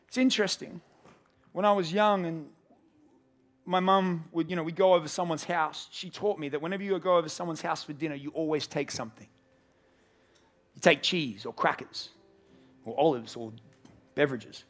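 A pastor preaches to his congregation in an earnest, storytelling way. His voice sits a little on the high side and he slips into the voices of the people in his story. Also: steady tone, normal speed, long pauses, a bit bright. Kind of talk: sermon. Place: church service with a congregation.

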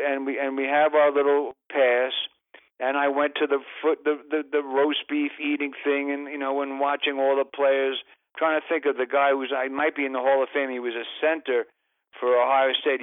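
A man's voice: mid-range voice, dry recording. Rambling older man on a phone line. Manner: rambling, self-interrupting, exasperated asides. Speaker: comedian, guest. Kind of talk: storytelling in a radio interview.

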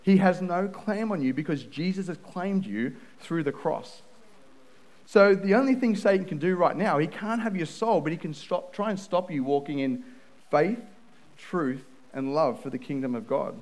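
A man preaching a sermon as pastor, telling a personal story in an earnest way with quick restarts. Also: on the high side, expressive, darkish tone, low-quality recording.

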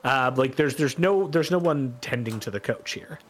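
A man's voice: medium pitch, animated, normal speed, background noise. A man running a tabletop game as game master, narrating in a loose, rambling way with many restarts.

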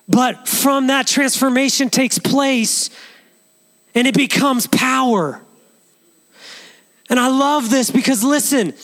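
A male pastor delivers an earnest sermon, often restarting his sentences. His speaking voice sits high for a man. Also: fairly bright tone.

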